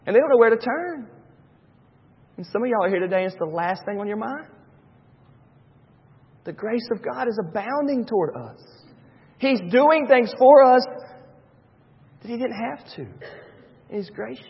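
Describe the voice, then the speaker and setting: Preacher man, kinda high husky voice, goes quiet then fired up, dull echoey church sound. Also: normal speed, pauses often. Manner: swings from hushed to loud and excited. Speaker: pastor. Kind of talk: sermon. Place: church sanctuary.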